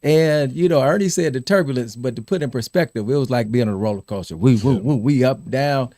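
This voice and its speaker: A middle-aged man hosting a podcast, telling lively stories about his college team, laughing and repeating himself as he goes. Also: medium pitch, fairly quick, no echo, clean studio sound. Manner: animated storyteller, laughs and repeats words. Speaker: podcast host. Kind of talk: casual storytelling chat.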